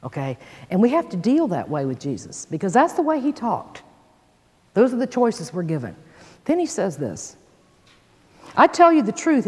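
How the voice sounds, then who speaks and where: A woman's voice: a little high, a little mellow, breathy edge. Woman preaching in a hall. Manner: reads scripture aloud with dramatic emphasis; folksy asides to the listeners. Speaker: Bible teacher. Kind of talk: sermon. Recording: long hall reverb.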